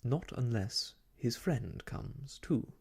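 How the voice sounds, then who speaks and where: A soft-voiced reader as a cool, matter-of-fact nanny. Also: medium pitch, expressive, slow, gravelly, slightly rough, exaggerated voice. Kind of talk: soft-spoken ASMR storybook reading.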